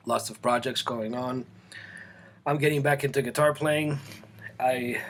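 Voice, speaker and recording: A man in his forties, born in Colombia, chatting casually to camera in his home art studio, halting and full of restarts. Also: mid-range voice, a bit bright, a little hiss or hum. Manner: rambling, halting, with many restarts and fillers. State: eating, mouth full at times. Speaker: artist and channel host.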